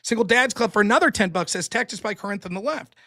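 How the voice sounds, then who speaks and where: High-voiced man reading donor messages. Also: expressive, pushed and bright. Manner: reads donor messages aloud with quick reactions. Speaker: show host reading Super Chats. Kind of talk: casual livestream chat.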